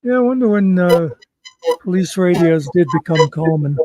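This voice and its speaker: Slow hesitant guy chatting, dry close sound, bit high. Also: lively intonation, warm tone, dry recording. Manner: slow, drawn-out, with hesitant fillers. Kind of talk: casual chat.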